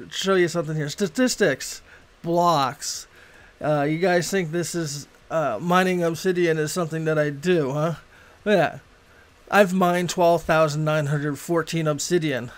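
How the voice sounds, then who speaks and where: Middle-aged boston guy streaming games, kinda high voice, rambly, swears a lot. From Boston, USA. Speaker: game streamer. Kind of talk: casual gaming livestream chat.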